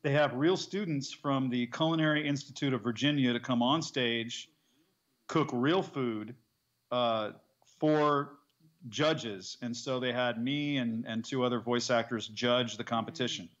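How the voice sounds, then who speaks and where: A male voice actor chatting casually as an interview guest, animated and quick to laugh, trying out accents as he talks. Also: medium pitch, highs cut off.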